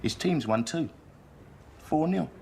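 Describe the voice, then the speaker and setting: A man narrating a crime film in a dry, deadpan, matter-of-fact way. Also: a little high, takes it slowly, vocal fry, husky, heavily acted. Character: dry male narrator telling a gangster tale.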